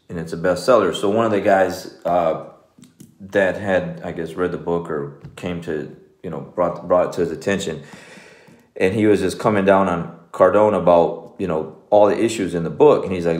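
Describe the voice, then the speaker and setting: A man in his forties, a jiu-jitsu coach, giving a loose and conversational motivational talk with plenty of "man" and "you know.". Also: deep voice. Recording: echoey room.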